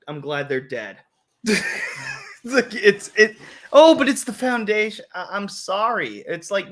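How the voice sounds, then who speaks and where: A man's voice: sits high, a bit bright. A young man hosting a casual chat show, rambling, swearing and laughing as he talks. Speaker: host.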